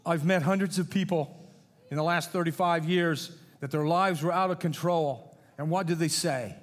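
In a church sanctuary with long reverb, a middle-aged pastor blends humor and scripture in a folksy sermon. His voice is on the high side and moderately paced.

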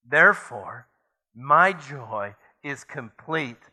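A man's voice: a little high, animated, slow pace, pushed and bright. A man preaching a sermon as pastor, reading scripture aloud and building to emphatic points.

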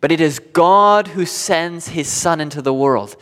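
Pastor, male, slightly high voice, emphatic sermon delivery, long hall reverb. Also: measured pace. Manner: emphatic preaching with sharp swings between loud declarations and hushed passages.

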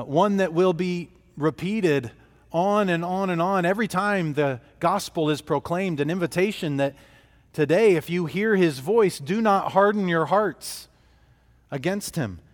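A man delivers an earnest sermon in a somewhat high voice, pausing and restarting his phrases as he works through the passage. His words ring out with the long reverb of a church sanctuary. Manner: earnest, thinking aloud with frequent restarts. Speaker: pastor. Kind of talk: expository sermon.

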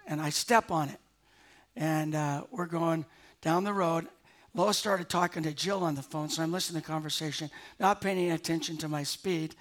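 A pastor preaching a sermon, telling a personal story in an animated way and chuckling at himself as he goes. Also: high-pitched. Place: church sanctuary.

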